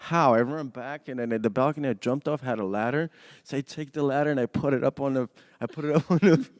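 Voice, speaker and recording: A man's voice: mid-range voice, fast talker, dry recording. Rambling storyteller man, dry studio sound. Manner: rambling, restarts often, laughs through his telling. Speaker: podcast guest. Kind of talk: animated storytelling. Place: podcast studio.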